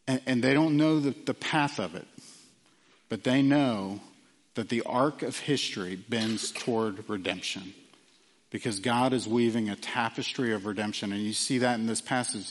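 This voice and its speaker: A man preaching a sermon earnestly, with frequent fillers and quiet drops for emphasis. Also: medium pitch, long reverb tail. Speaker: pastor.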